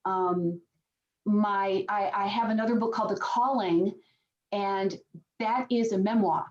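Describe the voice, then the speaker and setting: A woman's voice: mid-range voice, fairly even intonation, unhurried, a little mellow. A woman guest on a podcast, a psychic medium, explaining her work earnestly with frequent restarts. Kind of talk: podcast interview answers. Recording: dull lo-fi sound.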